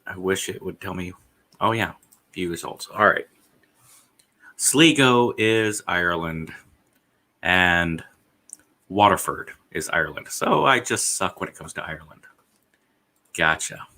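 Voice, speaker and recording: Man streaming, casual rambling chatter, deep voice, bright tense edge, swears, lots of uh. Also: measured pace, long pauses. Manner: rambling, profane, thinking aloud with many "uh"s.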